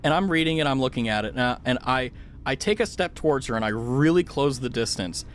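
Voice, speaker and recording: A young man streaming a game and telling a rambling, swear-heavy story in casual chat, laughing loudly at times. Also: medium pitch, quick pace, slight background noise. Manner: animated, loud laughs. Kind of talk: casual chat while gaming.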